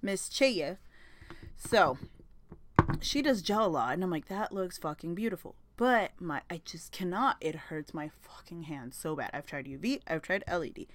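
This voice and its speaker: A woman's voice: fairly low pitch, expressive, normal speed, a little hiss or hum. A young woman hosting a podcast, chatting in a rambling, casual way, swearing freely and laughing often. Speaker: podcast host. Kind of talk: casual chat.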